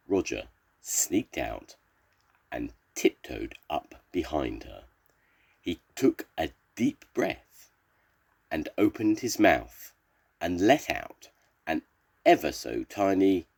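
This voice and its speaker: Older man reading a kids' story, deep husky voice, lively pitch. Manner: slow, expressive storybook reading. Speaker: storyteller grandfather. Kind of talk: reading a children's story aloud.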